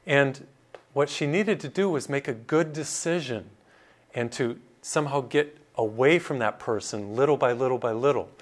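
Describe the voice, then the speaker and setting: A middle-aged priest, a man, preaches in a relaxed, story-driven style. He talks like he's chatting, with easy asides between the points of his sermon. His voice sits at an ordinary middle pitch. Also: normal speed. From Massachusetts. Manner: conversational, animated storytelling with asides.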